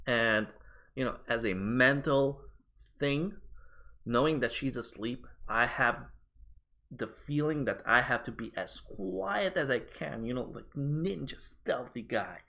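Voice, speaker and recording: A man's voice: medium pitch, vocal fry, bright, forceful tone. A man talking to his viewers in a loose, rambling vlog, chatty and swearing casually. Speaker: streamer and vlogger.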